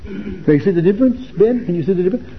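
An older man from Australia teaches a Bible class, giving young men a chatty, informal talk in which he repeats words and asks them questions. His voice sits high, animated and breathy, and he speaks very fast. Faint music plays behind him in a dull lo-fi recording.

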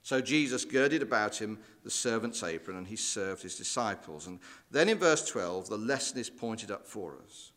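A man's voice: fairly low pitch, moderate pace. A man preaching a sermon, walking listeners through scripture passages and asking rhetorical questions. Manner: expressive, rising and falling emphasis with rhetorical questions; quotes scripture in old-fashioned wording.

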